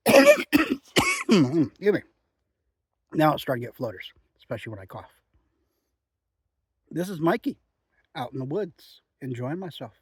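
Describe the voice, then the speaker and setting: A man chatting in a relaxed, rambling way outdoors in the woods while reviewing a chew. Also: medium pitch, normal speed, long pauses, husky, no echo. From Oregon. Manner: chatty, relaxed, frequent "um" and "you know". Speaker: outdoor vlogger reviewing chewing tobacco. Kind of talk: rambling casual monologue.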